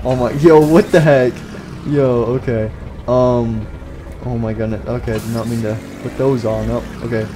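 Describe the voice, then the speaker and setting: A young man giving casual, excitable commentary on his own gameplay, with loud outbursts and goofy jokes. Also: medium pitch, moderate pace, noisy background. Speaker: gaming YouTuber.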